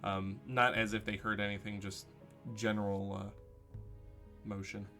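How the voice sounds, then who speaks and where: A man's voice: on the low side, little pitch movement, measured pace, bright, forceful tone, soft background music. A man narrating as game master of a tabletop game, loose and full of fillers.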